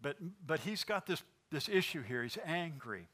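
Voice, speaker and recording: Guy preaching a sermon, tosses questions at the crowd, bright voice. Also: a little high, moderate pace. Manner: animated preaching with rhetorical questions. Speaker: pastor.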